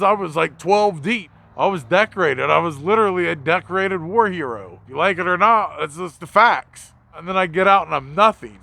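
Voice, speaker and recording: A man's voice: sits high, gravelly, bright, forceful tone. A man in his thirties from the United States, talking to camera in a raw, emotional and profane vlog, near tears. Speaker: vlogger.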